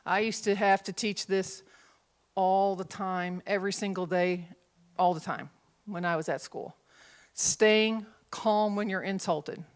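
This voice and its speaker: A woman minister and former schoolteacher leading a Bible study, talking conversationally and acting out example phrases in different tones. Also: medium pitch.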